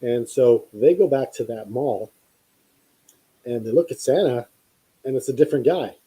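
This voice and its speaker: Dark, husky-voiced man telling a story. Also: mid-range voice, moderate pace, poor audio. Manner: rambling, many fillers and restarts. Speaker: podcast host. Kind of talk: casual storytelling.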